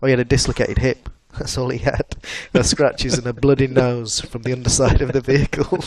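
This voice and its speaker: A man's voice: medium pitch, flat delivery, a little fast, noisy background. A man co-hosting a casual podcast chat, retelling odd news stories with a laugh. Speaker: podcast co-host.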